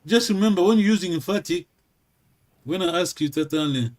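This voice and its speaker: A man teaching a language class in a halting way, repeating words and checking in with "yes?" again and again. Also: high-pitched, animated.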